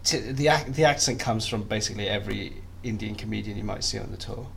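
Young male guest, low gravelly voice, rambling and self-deprecating. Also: fast, fairly bright tone, a little hiss or hum. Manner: chatty, self-deprecating, many restarts. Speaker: podcast guest. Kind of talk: casual interview chat.

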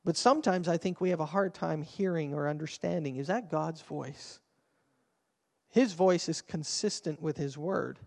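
A man in his fifties, a pastor preaching a sermon with an animated storytelling manner, swinging between quiet and loud. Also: on the high side, moderate pace, gravelly, big-room sound.

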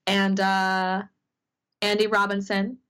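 A woman's voice: mid-range voice, smooth. A young woman from Minnesota with an American accent, co-hosting a podcast in casual chat and telling stories with playful asides. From Minnesota, United States. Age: young adult. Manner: animated storyteller, playful, quick asides. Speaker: podcast co-host and convention reporter.

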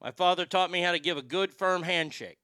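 A male host rants through profane, sarcastic commentary with plenty of heat. His voice is fairly high for a man, bright and crisp, and it sounds dry and close to the mic. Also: fairly quick, no echo. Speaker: show host. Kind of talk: ranting commentary.

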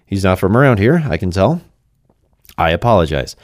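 Deep-voiced man narrating a fantasy story. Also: big pitch swings, normal speed, dry recording, studio quality. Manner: conversational, speaks to the listener directly.

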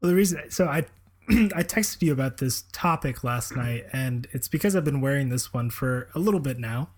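A man's voice: mid-range voice, expressive, moderate pace, a little mellow. A man co-hosting a casual podcast, talking hesitantly with many fillers and repeated words. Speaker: podcast co-host. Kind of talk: casual chat.

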